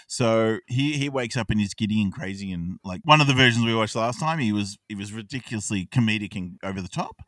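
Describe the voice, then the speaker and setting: A man with a fairly low voice talks through an old film, jumping into quick acted-out lines and casual swearing. The sound is dry, and he sits a little back from the mic. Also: no echo, distant mic. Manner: animated, acts out characters' lines in quick bursts, swears casually. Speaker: podcast co-host. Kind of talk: casual chat, retelling a film.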